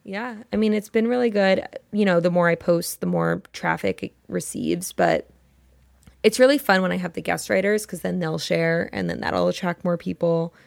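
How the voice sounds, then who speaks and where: A young woman co-hosts a podcast on a studio mic, chatting casually and reading a listener's story aloud in an easygoing, giggly, candid manner. Her voice is lowish, gravelly, and sing-song at a normal speed, with clean studio sound and no room reverb.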